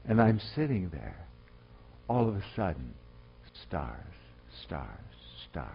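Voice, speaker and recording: A male preacher delivers a sermon at an unhurried pace, his pitch rising and falling widely as he moves between forceful declarations and hushed storytelling. The recording sounds dull and lo-fi. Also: husky. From Colorado. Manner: emphatic, swinging from loud exhortation to quiet storytelling.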